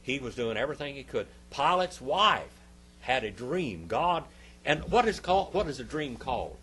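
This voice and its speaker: Animated man teaching a Bible class. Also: medium pitch, moderate pace, slightly rough. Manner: animated, swinging from loud emphatic bursts to quiet asides; repeats phrases for emphasis. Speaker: Sunday school teacher. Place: church classroom.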